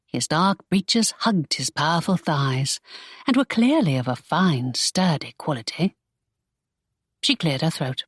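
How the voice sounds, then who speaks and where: Expressive woman narrating an audiobook. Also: lowish voice, unhurried, slightly rough, no echo, clean studio sound. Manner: expressive storytelling.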